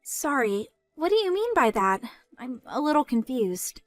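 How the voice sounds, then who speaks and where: A gentle, sweet young wife expecting a baby, as a woman puts her on, soft and a bit hesitant. The voice is pitched high and recorded dry and close, with faint music behind. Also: sing-song, a little slow, no room sound. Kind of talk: dramatized story narration.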